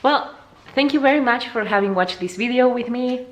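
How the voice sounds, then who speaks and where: A young woman, not a native English speaker, teaching a casual video language lesson in a chatty way, jumping high in pitch to show words. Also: normal speed. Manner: lively, jumps high to demonstrate words, chatty with fillers.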